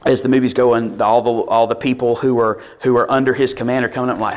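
Animated preacher man. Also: medium pitch, fast talker, few pauses. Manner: animated storytelling, builds to shouts. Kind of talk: sermon.

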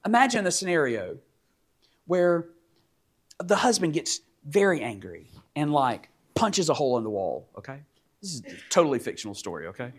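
A man in his forties preaching a sermon as pastor, emphatic and animated, acting out little quotes. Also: a little high, moderate pace, breathy edge. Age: 40s.

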